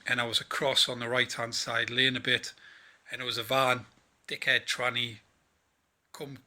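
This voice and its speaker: Chatty tired man with a bright voice. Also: medium pitch. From northeast England. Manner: chatty, rambling, many fillers and restarts. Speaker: vlogger, trainee truck driver. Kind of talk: casual vlog recounting his day.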